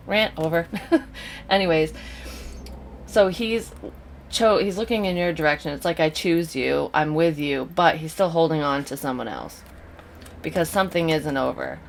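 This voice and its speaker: A woman's voice: sits low, a little hiss or hum. A woman giving a casual tarot reading to camera, blunt and swearing freely, drifting into rants. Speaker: psychic tarot reader.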